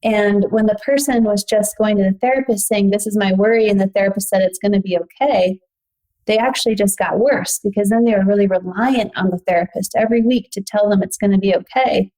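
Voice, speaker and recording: Woman calmly explaining as a guest. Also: medium pitch, fairly quick, few pauses, low-quality recording. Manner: explanatory, uses "like" often. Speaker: psychologist guest. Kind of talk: casual interview talk.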